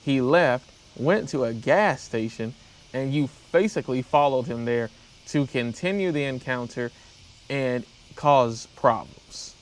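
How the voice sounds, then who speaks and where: A man hosts a reaction show and talks in a casual way. He recaps events in plain terms and reacts to them with disbelief. His voice sits at an average pitch for a man. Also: unhurried.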